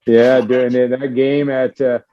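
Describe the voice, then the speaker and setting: A man's voice: medium pitch, little pitch movement, a little slow, highs cut off. A man hosting a sports talk show, wrapping up the discussion and handing the floor to the other panelists. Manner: wraps up the discussion and hands off to others. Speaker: show host.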